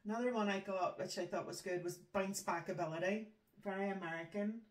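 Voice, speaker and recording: An easygoing woman trades words with her co-host in a teasing way. Her voice sits at a middle pitch. The room is echoey and she is heard from a little distance. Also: fairly even intonation, brisk. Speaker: podcast co-host. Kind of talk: casual chat.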